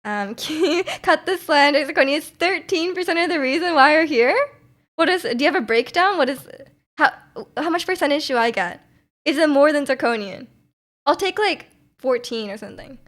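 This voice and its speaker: Casually going through her chat, a young woman streamer rambles on with many "like"s and restarts, laughing often. She has a high-pitched, animated, slightly bright voice and speaks at a moderate pace.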